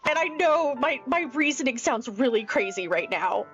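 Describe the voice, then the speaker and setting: Woman streamer, anxious rambling game commentary, slightly high voice, muffled lo-fi mic. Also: expressive, moderate pace, fairly bright tone. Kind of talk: casual gaming commentary. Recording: dull lo-fi mic with faint music. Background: faint music.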